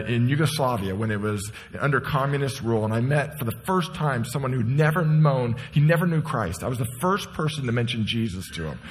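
A middle-aged man preaching a sermon, telling a story with passion and dropping to a hush for quiet moments. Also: mid-range voice, a little hiss or hum. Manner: storytelling, impassioned, shifts between hushed and raised. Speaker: pastor. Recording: long hall reverb.

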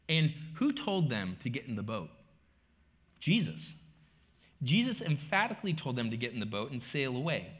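A middle-aged man with a medium-pitched voice delivers a sermon as a pastor. He tells the story using rhetorical questions and alternates quiet asides with loud emphasis.

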